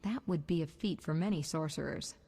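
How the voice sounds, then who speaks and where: A woman's voice: low voice, a little fast, mellow, husky. An actress voicing a poised female sorceress who talks in a dry, ironic way. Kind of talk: video game dialogue.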